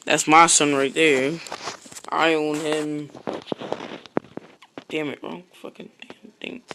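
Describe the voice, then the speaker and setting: A man's voice: a little high, little pitch movement, slow, vocal fry, noisy background. A man streaming a block-building game, chatting casually in a rambling, slangy way that often trails off into a mutter. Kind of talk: casual live-stream chat. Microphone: own streaming mic.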